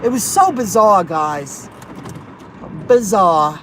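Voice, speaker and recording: Over a noisy car and street backdrop, this woman, a driver who vlogs about rideshare and delivery work, reads out viewer comments while venting about something that annoyed her. She has a mid-range, slightly bright voice with lively intonation and takes her time speaking.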